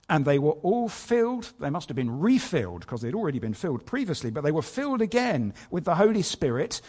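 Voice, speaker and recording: Lively, slightly high-voiced male preacher. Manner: asks many rhetorical questions; storytelling delivery with scripture readings. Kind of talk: sermon.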